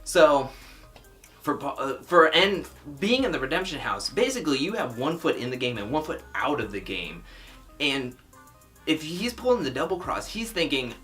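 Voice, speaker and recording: A man's voice: fairly high pitch, sing-song, normal speed, pushed and bright. A man casually recapping a reality TV episode in a chatty, sarcastic, offhand way. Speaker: TV recap vlogger. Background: faint music.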